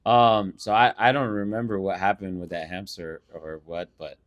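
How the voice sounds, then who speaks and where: The recording is muffled, carrying a deep male voice at normal speed. He's a young co-host of a casual podcast, holding a handheld mic and telling animated, swear-filled stories while acting out every scene.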